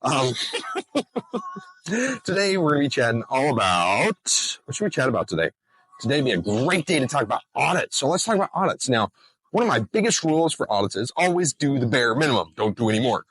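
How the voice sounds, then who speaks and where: A man's voice: medium pitch, very animated, fast, fairly bright tone, slightly rough, no room sound. A man talking casually outdoors in a vlog, joking and digressing as he explains rules to his viewers. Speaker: trucking compliance host. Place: outdoors in bright sun.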